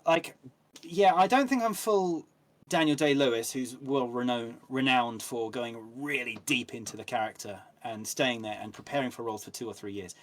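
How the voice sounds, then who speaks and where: A man with an English accent, an actor guest telling anecdotes in a relaxed interview chat with frequent ums. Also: mid-range voice, normal speed.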